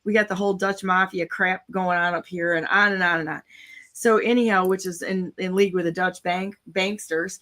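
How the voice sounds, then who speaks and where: A woman's voice: lowish voice, steady tone, normal speed, sharp tone. A woman hosts a casual online talk show. She talks in a blunt, cynical way and rambles from one point to the next, and she comes through over a video call. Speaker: show host.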